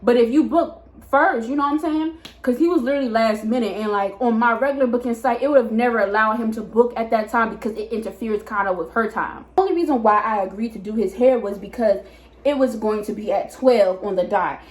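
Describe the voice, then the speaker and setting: Young woman, storytime vlog, slightly high voice, chatty and animated. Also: fairly quick. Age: 20s. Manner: chatty, animated, lots of "like" and repeats. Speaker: hairstylist and vlogger. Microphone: camera mic.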